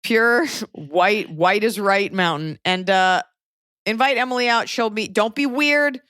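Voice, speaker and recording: A woman's voice: mid-range voice, a little slow, fairly bright tone, clear, resonant tone, dry recording, clean studio sound. A woman hosting a podcast, chatting casually with wry, teasing asides. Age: adult. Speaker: podcast host. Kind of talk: casual chat.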